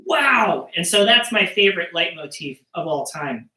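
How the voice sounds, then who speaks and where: A woman's voice: on the low side, expressive, normal speed, bright, forceful tone. A woman performing and teaching percussion storytelling to children over a live stream, in a playful, joking way. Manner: playful, jokey, talking to kids. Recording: roomy sound, mic at a distance.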